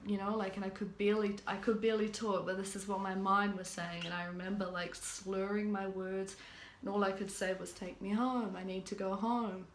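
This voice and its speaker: A woman's voice: mid-range voice, little pitch movement, a little fast, a little hiss or hum. A young woman from New Zealand, a vlogger telling a personal story in casual talk, full of fillers and restarts. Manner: rambling, many fillers and restarts. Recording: roomy echoey room.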